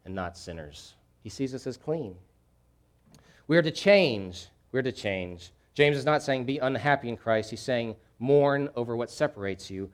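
Male pastor delivering a sermon; dynamic, moves between quiet gravity and loud fervor, repeats key lines. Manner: swings from hushed, grave lows to loud, fervent emphasis; repeats key phrases for emphasis.

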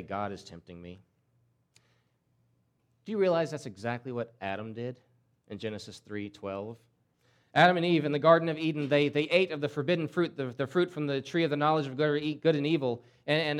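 A man preaching a sermon in an emphatic way, often repeating words and acting out quoted voices. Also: a little high. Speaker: pastor.

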